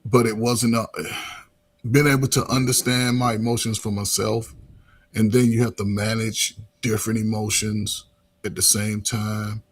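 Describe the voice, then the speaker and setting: A man's voice: lowish voice, level tone, moderate pace. A middle-aged man, a coach and former teacher, talking loosely in casual conversation with lots of restarts and filler words.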